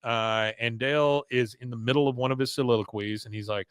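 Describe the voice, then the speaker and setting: Casual male recap host, mid-pitched, dry close mic. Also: steady tone, brisk, hardly any pauses, fairly bright tone, clear, resonant tone, dry recording. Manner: laid-back storytelling, acts out quotes. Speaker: podcast host.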